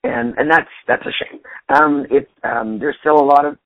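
A husky woman in her forties, a stand-up comedian nearly losing her voice, talking in an animated, casual way and restarting her sentences. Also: a bass voice, normal speed, dry recording. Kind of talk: casual interview chat. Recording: tinny dry phone line.

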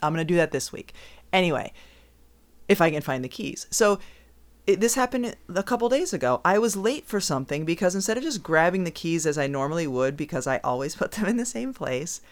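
A woman's voice: lowish voice, sing-song, brisk. Teasing woman podcast co-host. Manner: teasing, laughs often while talking. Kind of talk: casual chat.

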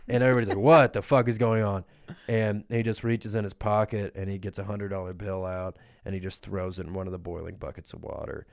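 A man's voice: sits low, fairly even intonation, fast, gravelly, few pauses, a little mellow, no echo, clean studio sound. A man co-hosting a podcast, laughing a lot as he swaps crude, silly improvised stories. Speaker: podcast co-host. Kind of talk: casual comedic improv chat.

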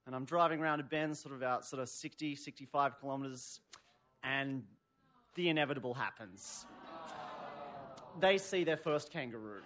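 A man's voice: medium pitch, normal speed, pauses often, noisy background. A man telling a story live on stage, rambling with lots of "sort of" fillers and wry humor. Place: stage before a live audience.

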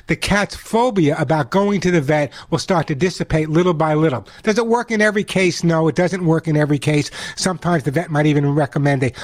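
A man hosting a call-in pet advice radio show, talking in a chatty, energetic way and giving out the phone number slowly. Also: a little high.

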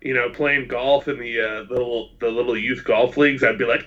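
A man's voice: medium pitch, steady tone, fairly quick, hardly any pauses, fairly bright tone, dull audio. A man co-hosting a podcast, chatting casually in a playful, boastful way. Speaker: podcast co-host.

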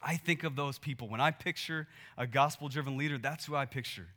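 A young adult man, a pastor, preaching a sermon in a conversational way, dropping to quiet earnest passages and rising to loud animated ones. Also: medium pitch, brisk.

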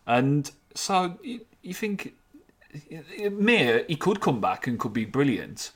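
A man co-hosting a casual football podcast, often halting and restarting as he thinks aloud. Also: fairly high pitch, sing-song. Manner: halting, many restarts and fillers, earnest. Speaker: podcast co-host.

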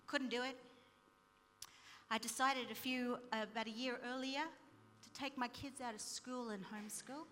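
A middle-aged woman telling a personal story in a sermon, lively and full of quoted dialogue. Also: a little high, normal speed, long reverb tail, slight background noise. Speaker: speaker sharing testimony. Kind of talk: sermon-style personal testimony.

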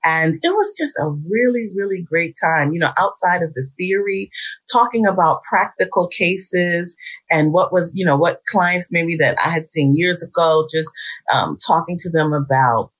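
A middle-aged woman guesting on a radio talk show, her voice low and husky. She talks warmly and with real enthusiasm about her work. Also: moderate pace. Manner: warm, enthusiastic, expressive talker. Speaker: psychologist guest.

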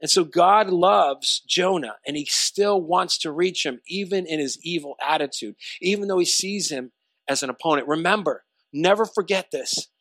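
High-voiced, bright preaching man. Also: dry recording. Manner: emphatic, building intensity. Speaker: pastor. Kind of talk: sermon.

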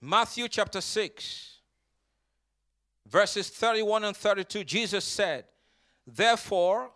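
A man's voice: high voice, fairly bright tone, clean tone. A man preaching a sermon as pastor, leading the congregation in call-and-response and stretching out scripture word by word. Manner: drawn-out emphatic scripture reading.

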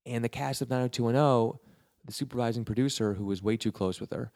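A man's voice: mid-range voice, fast, mellow, no room sound, studio quality. A man from New York telling a long personal story in a casual, rambling way, with many restarts and acted-out quotes. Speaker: guest telling his career story.

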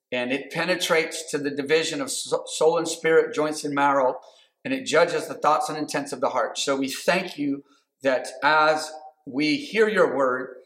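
A man's voice: mid-range voice, a bit bright. A man preaching a sermon as pastor, talking in a loose conversational way with many fillers and restarts. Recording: echoey room.

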